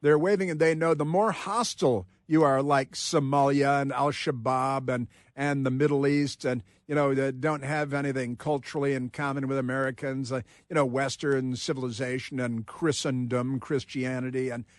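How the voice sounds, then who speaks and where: A man's voice: medium pitch, fairly even intonation, normal speed, hardly any pauses, no room sound, clean studio sound. A man hosting a political talk radio show, emphatic and rambling, laughing often. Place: radio studio. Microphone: studio microphone.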